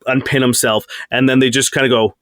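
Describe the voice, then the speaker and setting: A man's voice: medium pitch, flat delivery, fairly quick, fairly bright tone, no room sound. A man running a tabletop game as game master, narrating loosely with many fillers.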